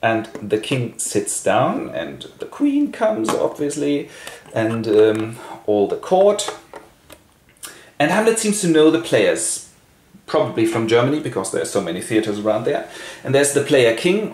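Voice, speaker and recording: A man's voice: mid-range voice, sing-song, unhurried, darkish tone. A man hosting a playful retelling with toy figures, narrating in a wry, offhand way with joking asides. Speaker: host. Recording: roomy echo, faint noise.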